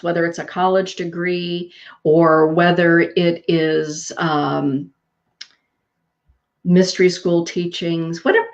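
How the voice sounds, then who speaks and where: A woman with a lowish voice hosts a live spiritual card reading, chatty and affectionate with her viewers. Her affirmations come soft and gentle. The stream audio sounds dull and lo-fi. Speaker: spiritual show host giving card readings.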